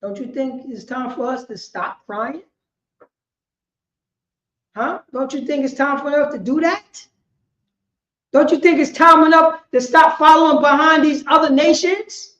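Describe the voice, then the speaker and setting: A woman teaching a religious law class in an impassioned preaching style, repeating herself with emphasis and swinging between shouts and quiet words. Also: high-pitched, a little slow, pauses often. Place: indoor meeting room. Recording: roomy, slightly dull lo-fi sound.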